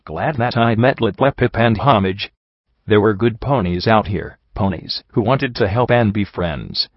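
A man reading a first-person story aloud in a calm, earnest narration. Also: lowish voice, measured pace, dry recording. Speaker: audiobook narrator. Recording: dull lo-fi, dry.

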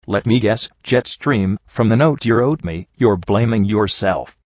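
A man voicing a calm male unicorn morale officer who speaks softly but firmly. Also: lowish voice, unhurried, no room sound. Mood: calm, sympathetic. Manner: soft but firm, calm. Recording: dull lo-fi recording.

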